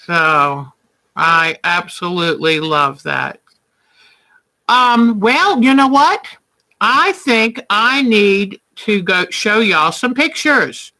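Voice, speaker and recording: Woman hosting a live quilting show, unhurried and chatty, bright tone, sweet-talks viewers. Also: medium pitch. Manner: chatty, affectionate, calls viewers honey and hon. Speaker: quilting livestream host. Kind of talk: casual livestream chat while quilting.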